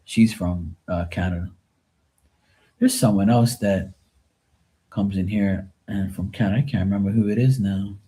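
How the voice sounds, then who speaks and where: A man's voice: lowish voice, steady tone, moderate pace, pauses often, warm tone. A man from Bermuda with a Bermudian accent, chatting loosely and rambling to viewers of his live tarot stream. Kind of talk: casual live-stream chat.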